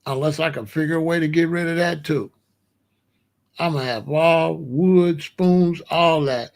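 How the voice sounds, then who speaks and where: A man's voice: a little high, unhurried, creaky. Slangy, emphatic man talking casually. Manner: slangy, emphatic, animated disbelief. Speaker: vlogger. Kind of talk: casual monologue to camera.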